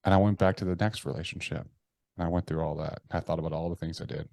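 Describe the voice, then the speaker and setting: A low-pitched man tells candid personal stories with plenty of swearing, jumping into the voices in his head. He turns hushed and subdued when the talk gets confessional. The sound is dry and close. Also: quick pace, gravelly, dry recording. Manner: animated, profane, acts out his inner voices. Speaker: podcast guest. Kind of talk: candid storytelling in conversation.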